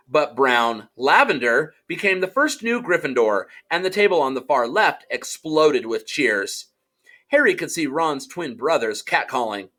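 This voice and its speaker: A man narrating an audiobook in an expressive storytelling manner and voicing the characters. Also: a little high. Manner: animated storytelling, does character voices.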